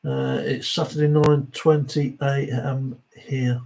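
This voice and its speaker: His voice is medium-pitched, gravelly and darkish, with a flat delivery and slow pace. He's a middle-aged man from the English Midlands with an East Midlands accent. He hosts a diecast model livestream, chatting matily, reading viewer comments and chuckling between them.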